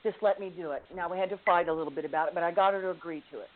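A guest author, a middle-aged woman with a lowish voice, speaks rapid-fire in a phone interview, telling a personal story earnestly and laughing often. The phone line sounds tinny.

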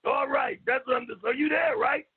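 A man co-hosting a call-in show, teasing the others loudly with brash jokes and stammering restarts. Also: very high voice, fairly even intonation, brisk. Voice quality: raspy, gravelly. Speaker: co-host. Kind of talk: loud joking radio banter. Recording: tinny phone line.

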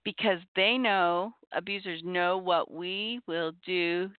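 A middle-aged woman hosting a talk show on abuse recovery, giving earnest, measured advice and repeating her key points. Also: lowish voice, steady tone, clear, resonant tone, no echo. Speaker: podcast host on abuse recovery. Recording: tinny phone-like audio.

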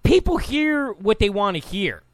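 A man delivers opinionated talk commentary in a fairly high voice that swoops up and down with lots of expression. He sounds combative and sarcastic. The sound is dry and close, with no room around it. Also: big pitch swings, unhurried, no echo. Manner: combative, mocks opponents in quoted voices. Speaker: political commentator.

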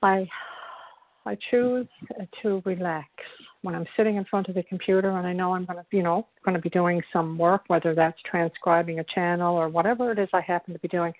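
A woman from Newfoundland with a Newfoundland accent, giving calm, gentle spiritual advice on a call-in show. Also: lowish voice, fairly quick, no room sound. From Newfoundland, Canada. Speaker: spiritual show guest host. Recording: dry tinny phone line.

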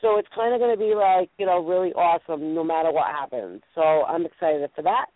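A woman's voice: lowish voice, a little fast, no echo. A woman with a New England accent hosting a casual chat show, playful and rambling with lots of fillers. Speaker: radio show host. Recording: tinny phone line, dry.

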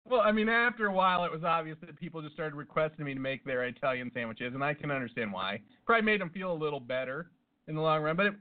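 A man co-hosting a comedy podcast, riffing in casual banter with a deadpan, absurd manner. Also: on the high side, fast. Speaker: podcast co-host. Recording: tinny phone-like sound.

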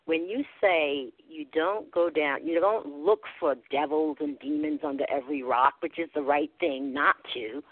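A woman calling in to a faith talk show, speaking earnestly, pausing often and restarting her sentences. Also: deep voice, no room sound. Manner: earnest, halting, with frequent fillers and restarts. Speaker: caller. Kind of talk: phone-in talk about faith. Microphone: phone. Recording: tinny phone line.

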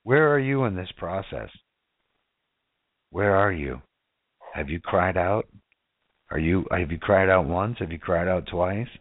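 A man's voice: deep voice, animated, measured pace, long pauses, dry recording. A man preaching a casual sermon who keeps asking his listeners rhetorical questions and "right?". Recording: tinny phone-like dry sound.

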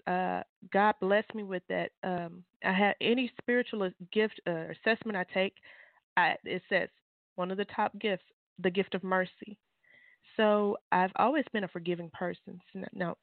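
A woman, an author and guest, giving fervent, preachy testimony on a call-in show, leaping into high exclamations. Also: no echo. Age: adult mother. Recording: tinny phone line.

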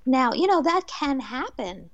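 A woman with a New Jersey accent, a medium speaking as a guest on a talk show and telling stories in an animated way with laughter. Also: high-pitched, measured pace, dry recording, dull audio. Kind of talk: casual storytelling interview.

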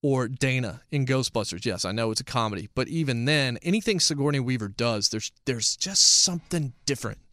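A man's voice: mid-range voice, animated, fairly quick, hardly any pauses, a bit bright, no echo, clean studio sound. Emphatic man reviewing TV shows. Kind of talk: casual review commentary.

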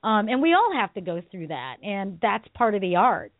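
A woman's voice: mid-range voice, moderate pace, no room sound. A woman martial arts instructor chats on a talk radio show, telling stories with lots of laughs and filler words. Her voice sits in an ordinary middle register. It comes through a dry, tinny phone line. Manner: animated storytelling, laughs often, many fillers. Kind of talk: casual radio chat.

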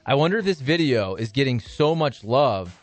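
Animated male co-host, dry sound. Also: medium pitch, moderate pace, no room sound. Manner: animated, opinionated, fond of asides. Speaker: show co-host. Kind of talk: casual sports and pop-culture chat.

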